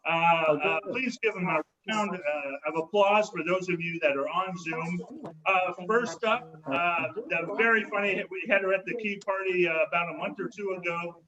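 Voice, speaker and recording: A man hosting a comedy show and doing stand-up over a video call, with a wry, halting delivery. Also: sits high, muffled recording, a crowd in the background.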